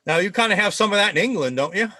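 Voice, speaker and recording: A man's voice: high voice, animated, quick pace, bright, forceful tone, dry recording, studio quality. A man hosting a political talk show over a video call, opinionated and sarcastic, rambling between points. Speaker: show host.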